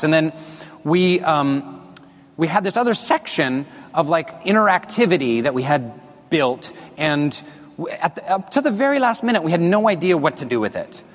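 This man's voice is medium-pitched and a bit bright as he speaks to an audience through a body mic on a stage in a large hall. His talk is rambling and self-deprecating, with jokes for the crowd, and long hall reverb colors the sound.

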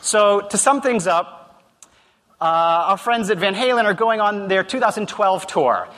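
A man's voice: high-pitched, expressive, measured pace, a bit bright, big-room sound. A man giving a motivational talk to an audience, conversational storytelling with direct address. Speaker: speaker.

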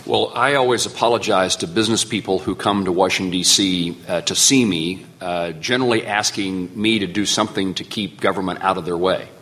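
A middle-aged man with a lowish voice answers questions on a panel, pausing often and restarting his sentences. He fills the gaps with "uh" and "um" as he works his way through a point. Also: a bit bright. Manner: halting, many fillers and restarts. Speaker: senator.

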